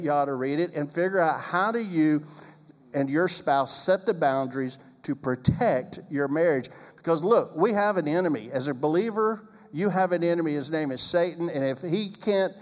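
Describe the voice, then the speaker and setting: A man's voice: on the high side, expressive, moderate pace, big-room sound. Emphatic preaching pastor, man. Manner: emphatic, sarcastic asides. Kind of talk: preaching-style talk on marriage.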